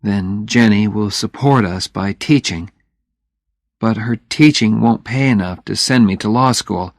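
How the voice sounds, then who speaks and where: A man reading a story aloud for English learners, slow and deliberate. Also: lowish voice, no room sound, clean studio sound. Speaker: narrator. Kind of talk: graded-reader audiobook narration.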